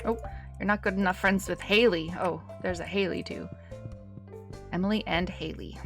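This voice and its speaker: A woman's voice: lowish voice, fairly even intonation, normal speed, faint music behind. A woman giving casual, chatty commentary while live-streaming a game, thinking aloud as she plays.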